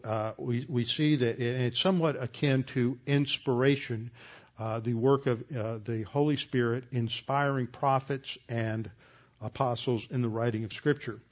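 A man preaching a verse-by-verse sermon, slowing down with frequent pauses and then pressing his points firmly. His voice sits mid-pitch, and the recording sounds a little dull and lo-fi. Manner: deliberate teaching with many "uh" pauses, rising to emphatic. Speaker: pastor. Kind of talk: expository Bible teaching sermon.

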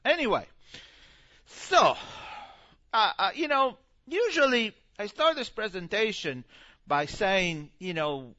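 High bright-voiced guy doing a rambling church talk, lots of uhs, muffled audio. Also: very animated, takes it slowly. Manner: chatty, many fillers, acts out quotes. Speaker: missionary speaker.

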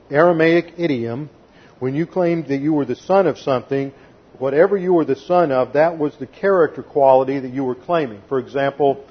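A man's voice: medium pitch, slightly rough. A man preaching an expository sermon, methodical and emphatic, counting off numbered points to his congregation. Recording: dull lo-fi sermon recording.

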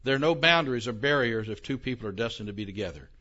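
A man's voice: medium pitch, animated, fast talker, pushed and bright. An older man giving a theology lecture to a live audience, conversational, with questions to the room and self-deprecating asides. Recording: dull lo-fi recording.

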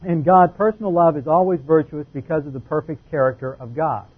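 A man's voice: fairly high pitch, a little fast, husky, narrow, tinny audio. A man preaching a methodical doctrinal Bible lesson, laying out numbered points and careful definitions.

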